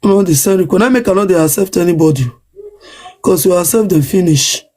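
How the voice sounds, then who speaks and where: A woman's voice: fairly low pitch, fairly quick, darkish tone. A woman with a Nigerian Pidgin English accent ranting on a livestream, emphatic and defiant, repeating her points over and over. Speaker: social media live streamer. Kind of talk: livestream rant.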